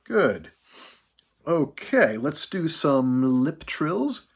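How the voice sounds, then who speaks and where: Slow, calm male choir director. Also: a little high, vocal fry, very noisy. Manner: slow, calm, counting out breathing exercises. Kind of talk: leading vocal warm-ups.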